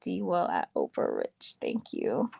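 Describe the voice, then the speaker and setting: Young woman livestream host, casual chatty delivery, lively swinging pitch, low-ish voice, dry close sound. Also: unhurried, creaky, breathy edge, no echo. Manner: chatty, reads viewer comments aloud. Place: home room. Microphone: webcam or phone mic.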